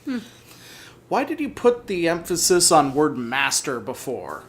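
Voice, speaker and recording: A man's voice: fairly high pitch, wildly swooping pitch, measured pace. A man hosting a let's play, doing playful mock-interview commentary with easy laughs and hesitant fillers.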